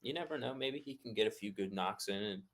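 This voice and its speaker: A man's voice: fairly low pitch, fast. A man chatting casually as a guest, rambling with lots of "like" and "you know". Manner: rambling, many fillers and restarts. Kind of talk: casual chat.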